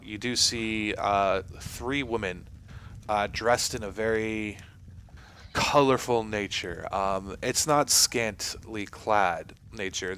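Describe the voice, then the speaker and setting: A man's voice: fairly low pitch, fairly bright tone, slight background noise. Rambling male game master. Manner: rambling, many fillers and restarts. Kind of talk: narrating a tabletop game.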